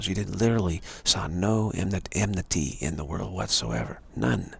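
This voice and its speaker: A man's voice: deep voice, normal speed, gravelly, few pauses, fairly bright tone, slightly rough. A man giving a rambling spiritual talk on a live stream, repeating himself and restarting words often. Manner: repetitive, stumbling restarts, earnest. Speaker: spiritual teacher.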